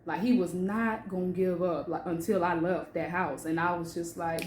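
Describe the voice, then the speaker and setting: A woman author sharing a personal story with emphatic, animated delivery, then reading from her book. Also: on the low side, a little fast, hardly any pauses, background noise. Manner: emphatic and animated, with swings in loudness. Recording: echoey room.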